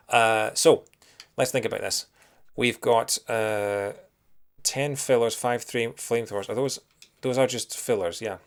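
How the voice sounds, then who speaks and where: A young man with a soft Scottish accent, chatting casually and thinking aloud while streaming a retro game, greeting viewers as he goes. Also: mid-range voice. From Scotland. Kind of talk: casual live-stream commentary.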